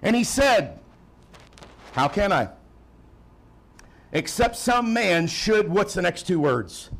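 A man preaching a sermon in church, swinging from emphatic calls to quiet, joking asides. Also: sits high, very animated, takes it slowly, gravelly. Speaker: pastor.

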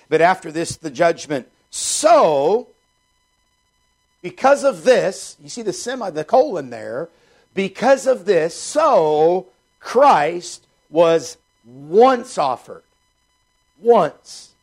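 A man's voice: sits high, vocal fry. A male pastor preaching a sermon, reading scripture and repeating points with rhetorical questions.

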